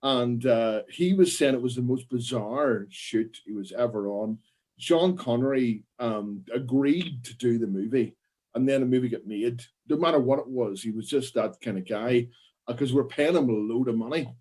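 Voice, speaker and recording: A man co-hosting a live panel podcast, telling anecdotes in a loose, swearing, animated way. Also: medium pitch, normal speed. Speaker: podcast co-host. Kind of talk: casual panel chat.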